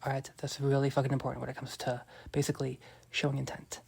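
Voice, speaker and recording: A man's voice: mid-range voice, completely flat delivery, fast, vocal fry, darkish tone, slightly rough. A man hosting a dating-advice podcast, talking emphatically and cockily, swearing and repeating his points to listeners he keeps calling "you guys.". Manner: profane and cocky. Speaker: dating coach podcast host. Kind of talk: coaching podcast monologue.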